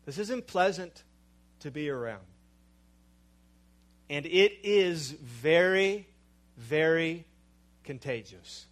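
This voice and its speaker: A male preacher gives a sermon at a slow, deliberate pace in a somewhat raised voice. He leans hard on key words, then lets his voice sink low and quiet for emphasis. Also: animated. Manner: slow, emphatic, dramatic drops to a low mutter.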